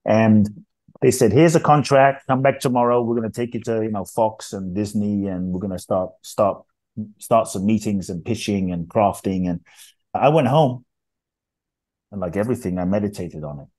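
A middle-aged man recounts his past in conversation with a low, mellow voice. He speaks intensely and earnestly, leaning hard on key phrases as the story builds. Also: normal speed. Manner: intense, earnest, emphatic retelling. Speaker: interview guest.

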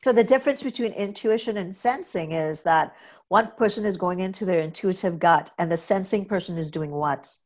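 A woman's voice: on the low side, a little fast. A woman hosting a casual interview, asking short questions and murmuring agreement. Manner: attentive, asks short questions, frequent affirming murmurs. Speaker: podcast host.

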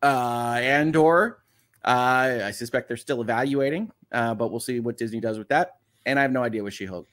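A man's voice: medium pitch, normal speed, fairly bright tone. A man in his thirties hosting a casual morning livestream, chatting and reading viewer comments with lots of fillers. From Michigan. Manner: chatty, rambling, many fillers. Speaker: livestream host.

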